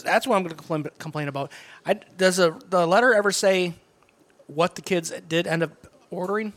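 A man's voice: sits high, moderate pace, a bit bright. A man co-hosting a radio show in casual, joking banter, laughing often. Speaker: radio co-host.

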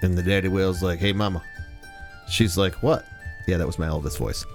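A man's voice: low-pitched, quick pace, darkish tone, faint music behind. A man hosting a live radio show, chatting casually and rambling through jokes in a studio. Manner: joking, rambling storyteller.

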